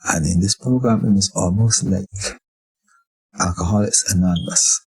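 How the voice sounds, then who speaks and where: An older man with a Barbadian accent, an interview guest telling stories in a lively way and acting out the voices of people in them. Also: low voice, moderate pace, breathy edge, poor audio. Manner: animated, acts out voices in his anecdotes. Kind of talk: storytelling chat.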